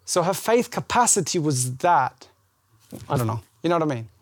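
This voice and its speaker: A man with a high voice preaching a warm, conversational sermon. He talks animatedly and acts out the scripture dialogue. The sound is close and dry, with no room echo. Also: very animated, normal speed. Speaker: pastor. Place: church service.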